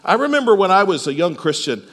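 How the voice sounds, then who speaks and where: High, lively man preaching in a hall. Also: fast talker. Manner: explains step by step, asks the listeners questions. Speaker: pastor. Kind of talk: sermon. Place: church service.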